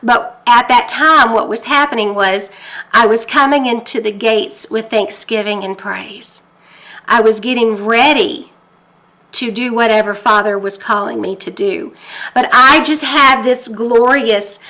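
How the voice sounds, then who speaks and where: A woman from Texas recounts a personal testimony in a fervent, emotional way, quoting her own prayers aloud. Her voice sits a little high and sounds bright and forceful. She talks from her kitchen table at home. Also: a little slow. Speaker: faith teacher.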